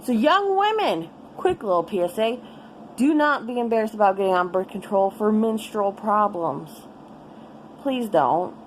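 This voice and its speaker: A woman's voice: medium pitch, expressive, measured pace, slight background noise, low-quality recording. A young woman giving a casual personal update, rambling and frustrated, swearing freely as she vents. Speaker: vlogger.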